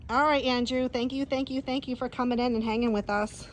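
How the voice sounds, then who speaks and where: A woman's voice: fairly high pitch, steady tone, a little fast, a little hiss or hum. A woman chatting casually on a phone live stream outdoors by a pool, rambling and teasing her dogs. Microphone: handheld phone. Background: dogs barking.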